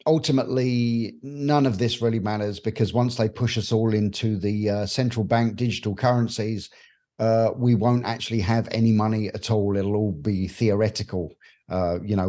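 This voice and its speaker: A man's voice: fairly low pitch, mellow. A man on a panel show, speaking hesitantly with frequent restarts. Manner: halting, hesitant with many restarts. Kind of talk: panel discussion opinion.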